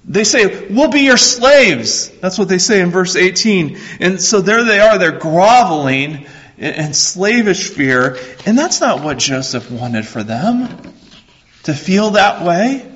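A man preaching a sermon as a pastor, slow and earnest, repeating his phrases. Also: sits high, animated, fairly bright tone, breathy edge, dull audio.

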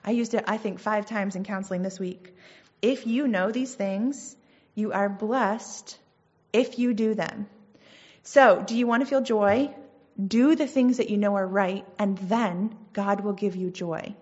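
A woman who counsels gives a conversational sermon. She tells personal stories with lively energy and acts out her own quoted lines. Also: mid-range voice, unhurried, lo-fi sound. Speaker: Christian speaker and counselor.

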